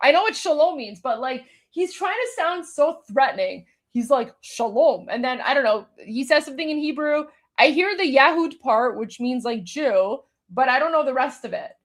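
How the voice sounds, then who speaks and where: A woman's voice: high-pitched, expressive, fast talker, hardly any pauses. A woman hosting a livestream, commenting casually on video clips in a mocking, incredulous way with many fillers. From Iran. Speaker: livestream host.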